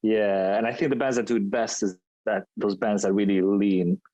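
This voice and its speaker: A man's voice: on the low side, fairly even intonation, normal speed, warm tone, muffled recording. A man co-hosting a podcast, chatting casually and rambling through his reviews with frequent restarts. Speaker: podcast co-host.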